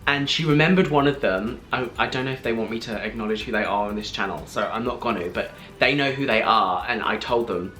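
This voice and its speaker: A man's voice: medium pitch, fairly quick, hardly any pauses, bright, forceful tone, faint music behind. Gushing young man telling a story. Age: 20s. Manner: gushing, breathless retelling full of "like" and "I was like". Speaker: vlogger. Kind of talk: excited personal storytelling.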